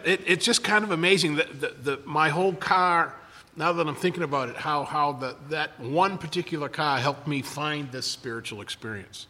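In a hall with long reverb, an older man with a sharp, medium-pitched voice talks casually about his recovery. He wanders off track, stammers and keeps breaking off to start over.

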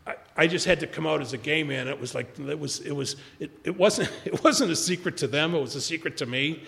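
A man telling his recovery story to a large audience, rambling with many restarts, speaking quietly and rising when he urges the crowd. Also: a little high, a little fast. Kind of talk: personal testimony talk. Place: large hall before an audience. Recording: long hall reverb, gravelly.

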